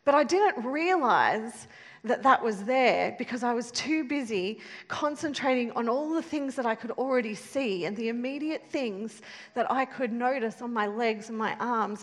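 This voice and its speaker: A woman telling a funny personal story to a live audience, animated and self-mocking, laughing as she goes. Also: fairly high pitch. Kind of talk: storytelling talk with a moral. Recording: long hall reverb.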